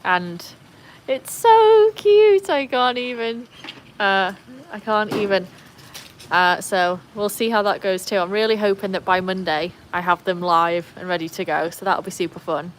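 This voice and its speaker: A British woman hosting a casual livestream by her backyard pool, chatting and laughing often, cooing at her dogs in a high voice. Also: flat delivery, moderate pace, fairly bright tone, slight background noise. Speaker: livestream host.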